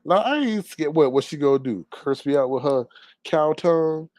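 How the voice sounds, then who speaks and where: A man's voice: fairly high pitch, animated, normal speed, a little mellow, dry recording. A young man, gossiping sassily in casual commentary with laughing asides. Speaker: commentary vlogger.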